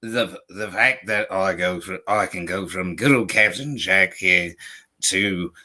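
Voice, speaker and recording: A man's voice: deep voice, measured pace, sharp tone. A man hosting a casual vlog who chats in a rambling, laughing way, with many fillers and restarts. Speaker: vlog host and voice impressionist. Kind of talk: casual chat.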